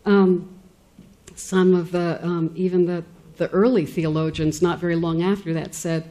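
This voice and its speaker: A woman's voice: fairly low pitch, fairly even intonation, measured pace, mellow. A woman giving an informal lecture in a classroom, talking casually with many fillers and restarts. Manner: conversational, many fillers and restarts, acts out quoted speakers.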